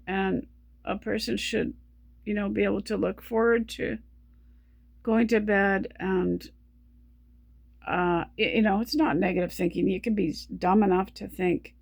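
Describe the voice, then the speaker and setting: A woman speaking in a personal video diary, short of breath while talking, halting and stumbling with many restarts, weary and subdued. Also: mid-range voice, creaky, a little mellow, no room sound. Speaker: vlogger.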